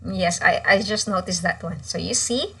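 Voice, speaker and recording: A woman teacher giving an online class lecture, explaining step by step and often pausing with "okay". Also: fairly low pitch, vocal fry, fairly bright tone, distant mic, low-quality recording. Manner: frequent "okay" fillers and restarts, explanatory.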